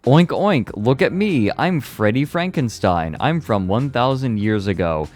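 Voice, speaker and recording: A man voicing a goofy male caveman who rambles through absurd boasts in a hammy, deadpan way. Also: mid-range voice, a little slow, soft background music, voice pushed up, natural voice. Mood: hammy, silly.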